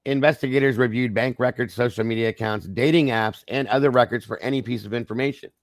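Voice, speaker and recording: A man's voice: medium pitch, fairly even intonation, fast, dry recording, clean studio sound. A man hosting a true crime livestream, reading reports aloud and commenting casually to his viewers, his voice strained. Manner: conversational, addresses viewers as guys, frequent okays and apologies. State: voice strained, trying not to lose it. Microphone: streaming microphone.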